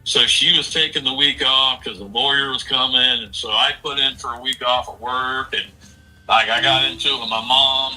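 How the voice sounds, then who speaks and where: A man's voice: mid-range voice, fairly even intonation, moderate pace, pushed and bright, recorded from a distance, soft background music, rough recording. Blunt, profane man in his forties. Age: 40s. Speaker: streamer. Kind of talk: casual chat.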